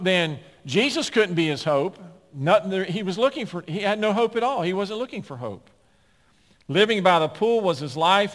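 Man preaching in a reverberant hall. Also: on the high side. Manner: emphatic preaching with dramatic swings between loud and hushed. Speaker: pastor. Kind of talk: sermon. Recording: long reverb of a large hall.

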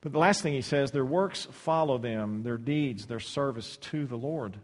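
A man preaching a sermon, swinging between loud, stretched-out scripture reading and soft, low asides, often repeating words as he restarts. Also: moderate pace. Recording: long hall reverb.

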